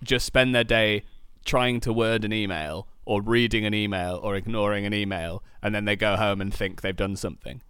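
Male co-host, smooth resonant voice, dry close sound, wry teasing. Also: fairly low pitch, fairly even intonation, normal speed, hardly any pauses, a bit bright, dry recording. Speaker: podcast co-host. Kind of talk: casual chat.

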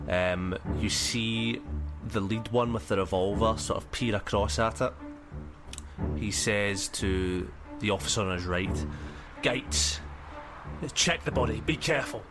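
A man narrating as game master, rambling with many ums. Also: lowish voice. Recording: music under the talk.

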